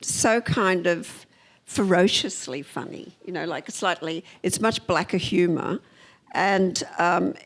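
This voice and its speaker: A woman's voice: lowish voice, takes it slowly. An older Australian woman, a film editor, chatting onstage in a rambling way full of fillers. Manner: chatty, trailing off with many fillers. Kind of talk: onstage conversation.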